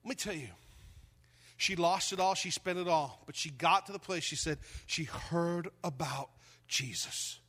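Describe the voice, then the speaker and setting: Bright-voiced preacher telling an animated story. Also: male voice, a little high, unhurried. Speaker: pastor. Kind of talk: sermon.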